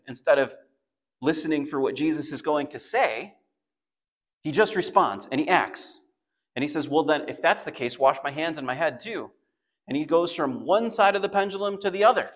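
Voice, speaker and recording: A man teaching a Bible passage in a conversational sermon, rising into animated bursts as he retells the story. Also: medium pitch. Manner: conversational, animated when voicing Peter.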